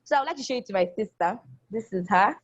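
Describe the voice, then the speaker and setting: This college student's testimonial comes through a dull, lo-fi, dry recording, her medium-pitched voice quick and lively in intonation. The young woman is enthusiastic and casual, repeating phrases for emphasis and acting out quoted people.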